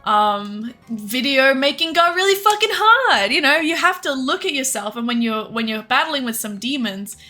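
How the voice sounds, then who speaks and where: Young woman streamer, candid and rambling, bright tone with faint music behind. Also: high-pitched, lively intonation, normal speed, few pauses. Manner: candid, rambling, frequent swearing and laughs. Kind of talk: casual chat while cooking and gaming.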